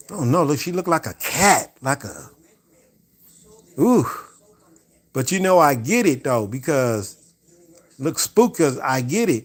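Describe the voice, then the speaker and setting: A man hosting a livestream, casually telling stories to his viewers in a rambling way, repeating words as he goes and talking straight to his audience. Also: a little high. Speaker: livestream host. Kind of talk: casual storytelling to a live chat.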